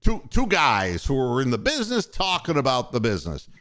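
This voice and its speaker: Older man telling rambling, lively stories. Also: medium pitch, a little fast. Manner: rambling, profane storytelling. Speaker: podcast host and former radio station boss. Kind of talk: casual sports talk.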